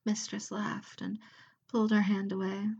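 A woman reading an intimate audio story aloud, softly and often at a whisper. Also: mid-range voice, flat delivery, gravelly, slightly rough, lo-fi sound. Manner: soft, slow, often whispered. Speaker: narrator.

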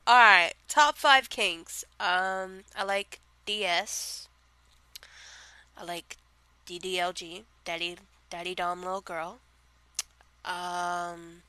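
A woman's voice: fairly low pitch, fairly even intonation, extremely slow, sharp tone, clean tone, dry recording. A young woman with a Southern accent chatting casually on a vlog, rambling with lots of fillers and frequent giggles. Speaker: vlogger answering question tag. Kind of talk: casual chat.

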